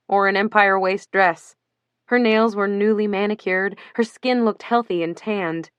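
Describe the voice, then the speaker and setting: A woman reading a novel aloud as an audiobook narrator, in a steady, even storytelling manner. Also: mid-range voice, clean tone, dry recording. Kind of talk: scripted narration.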